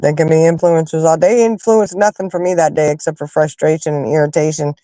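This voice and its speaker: A woman hosting a casual chat with her viewers, telling stories in an animated, emphatic way and fussing loudly when annoyed. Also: deep voice, brisk, no echo. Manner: animated, emphatic storyteller who rants and fusses. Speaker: livestream host chatting with viewers.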